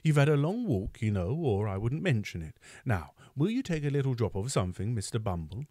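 Man putting on a high sugary nurse woman, fawning, wheedling, swooping voice, dry close sound. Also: sing-song, a little fast, dark tone, no echo. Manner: wheedling, sugary, falsely humble. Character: fussy fawning middle-aged nurse woman.

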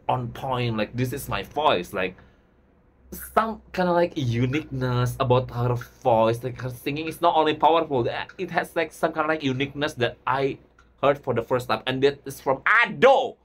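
A YouTube host reacting to a music video, gushing and excitable, using loose, non-native English grammar, many "like" fillers and repeated "oh my God". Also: medium pitch.

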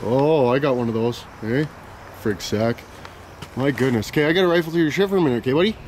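A young man vlogging outdoors on a handheld camera, rambling and joking loudly with plenty of slang and swearing. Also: mid-range voice, fast, slight background noise. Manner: loud, profane, joking banter with lots of slang. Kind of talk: casual rambling vlog chat.

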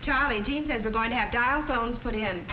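A woman's voice: a little high, normal speed, lightly acted. An actress playing a cheerful family mother in a 1940s film, with a pleasant, chatty manner. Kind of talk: 1940s educational film acting. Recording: tinny, echoey, hissy 1940s film soundtrack.

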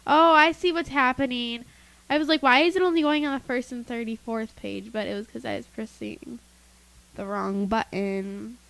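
A woman's voice: on the high side, steady tone, moderate pace, creaky, fairly bright tone, poor audio. A teenage girl co-hosting a kids' tech podcast, chatty and giggly, reading listener emails aloud with her own asides. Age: teens. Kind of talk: casual podcast chat.

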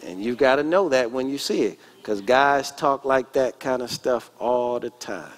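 A man's voice: medium pitch, lively intonation, unhurried. A pastor in his forties preaching a sermon in church, emphatic and calling out to the congregation. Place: church sanctuary.

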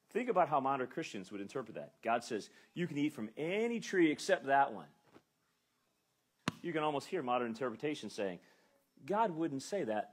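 A man preaching a sermon in church, with a husky, slightly breathy voice. His pitch rises and falls a lot as he leans into his points and acts out quoted speech. The delivery is emphatic and conversational. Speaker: pastor. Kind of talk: expository sermon.

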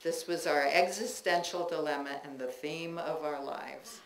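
A woman writer reading her memoir aloud at a live bookstore event, wry and expressive, laughing through the funny parts. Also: sits low, a little slow. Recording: roomy bookstore with faint noise.

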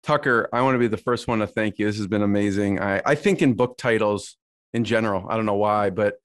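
A man hosting an interview show, wrapping up with friendly thanks and a slightly halting delivery. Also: fairly low pitch. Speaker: host. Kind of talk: interview sign-off.

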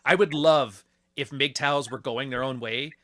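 A man's voice: medium pitch, measured pace, fairly bright tone. An American man hosting a casual podcast chat, blunt and sarcastic, often mocking others in quoted voices. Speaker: podcast host. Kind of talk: casual conversation.

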